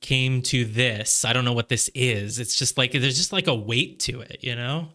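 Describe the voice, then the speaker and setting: A man's voice: mid-range voice, moderate pace, bright, forceful tone. A man musing aloud over his gameplay. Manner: musing aloud, heavy on "like" fillers. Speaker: gamer playing through a game. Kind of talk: casual let's-play commentary.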